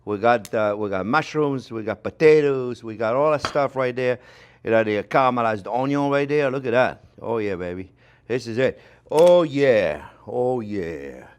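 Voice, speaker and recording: Enthusiastic French-accented cooking host. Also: male voice, mid-range voice, moderate pace, a little hiss or hum. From France. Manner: chatty, enthusiastic, lots of fillers and restarts. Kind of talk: casual cooking demonstration. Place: home kitchen.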